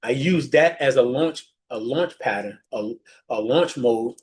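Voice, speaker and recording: A man giving a motivational teaching talk as a leadership mentor, animated and often restarting his phrases. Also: unhurried, a little hiss or hum. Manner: animated, restarts phrases often, jumps high when imitating others.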